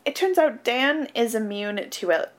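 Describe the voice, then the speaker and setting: A woman's voice: on the high side, animated, measured pace. A woman co-hosting a casual chat, recapping a film plot with lots of fillers and laughs. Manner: chatty, giggly, peppered with fillers. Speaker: podcast co-host recapping a film.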